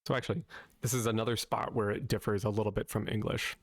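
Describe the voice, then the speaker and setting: A linguistics video host from the southern United States talks fast in a voice on the low side, with fairly even intonation and a light Southern accent. He keeps it casual and conversational, often checking in with "right?" after his points. The studio-quality recording has no room sound.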